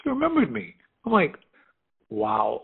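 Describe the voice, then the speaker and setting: A middle-aged man from the United States telling stories in a casual conversation, animated and quick to laugh, acting out the voices of people he quotes. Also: medium pitch, husky. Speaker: fashion designer guest. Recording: phone-like narrow sound.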